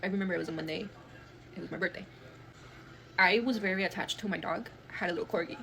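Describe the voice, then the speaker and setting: A woman's voice: lowish voice, vocal fry, a bit bright. A young woman telling a personal story in a storytime clip, emotional and profane, acting out what people said. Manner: fast, emotional, profane retelling with acted quotes. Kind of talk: storytime video.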